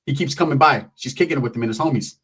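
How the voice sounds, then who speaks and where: A middle-aged man telling a comic street story, animated and profane. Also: mid-range voice, very fast, slightly rough.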